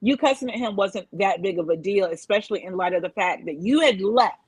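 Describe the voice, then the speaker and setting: A woman co-hosting a casual talk show who listens supportively, backing her co-host with quick reactions. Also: mid-range voice, expressive, slightly rough, no room sound. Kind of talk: casual chat.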